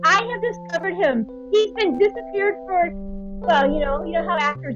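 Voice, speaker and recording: High-voiced gushing improv woman. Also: normal speed, dull audio, over music. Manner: gushing, flattering, hesitant restarts. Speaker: improv performer. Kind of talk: improv scene on a video call. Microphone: video call.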